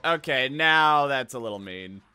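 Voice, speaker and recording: A male streamer in casual gaming chat, excitable and quick to curse. His voice sits at an ordinary middle pitch. A faint hiss of noise runs under the recording. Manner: excitable, swears freely.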